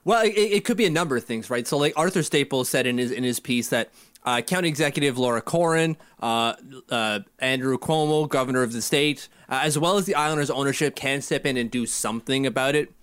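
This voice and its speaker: A man's voice: mid-range voice, fairly quick, a bit bright, clean tone, no room sound, clean studio sound. A man co-hosting a casual chat, joking and putting on mocking voices. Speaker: podcast co-host.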